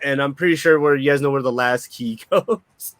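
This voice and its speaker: A man's voice: mid-range voice, moderate pace, a bit bright, dry recording. A young man narrating as dungeon master, rambling with frequent restarts. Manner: rambling, repeats and restarts while describing. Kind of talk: narrating a tabletop game.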